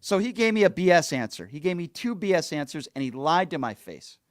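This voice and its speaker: A man's voice: fairly high pitch, very animated, a little fast, dry recording, clean studio sound. A middle-aged man hosting a show, recounting a story in a blunt, indignant, casual monologue and acting out the lines he quotes. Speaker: host.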